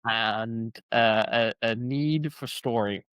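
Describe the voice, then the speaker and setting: A man's voice: medium pitch, takes it slowly, a bit bright, clear, resonant tone, no room sound. Man, author host, casual chat, rambling with lots of fillers, dry close sound. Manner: rambling, filler-heavy, thinks aloud. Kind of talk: casual long-form conversation.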